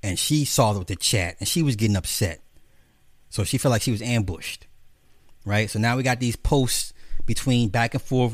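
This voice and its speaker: A man delivering a profane, animated commentary rant, mocking the people he talks about. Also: normal speed, no echo, clean studio sound. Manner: profane, animated, mocking, jumps into high mimicking voices. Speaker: commentary host. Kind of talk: ranting commentary monologue.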